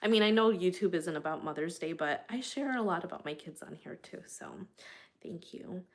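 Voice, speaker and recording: A woman's voice: fairly low pitch, expressive, moderate pace, a bit bright. A woman in her thirties, a mother hosting her own channel, rambling chattily to viewers on a casual live stream from her bedroom. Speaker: channel host.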